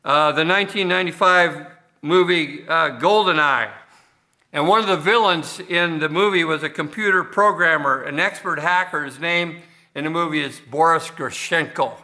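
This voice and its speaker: A man's voice: on the high side, normal speed, bright, forceful tone. A man preaching a sermon as pastor of a church, talking conversationally with frequent restarts and fillers.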